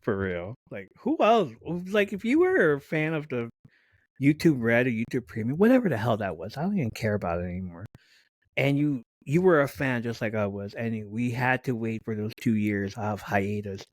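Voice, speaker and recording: A man's voice: medium pitch, moderate pace, no room sound. A man co-hosting a casual podcast chat, telling stories animatedly and acting out what friends said, with some swearing. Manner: animated storytelling, acts out quoted friends, swears. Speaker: podcast co-host.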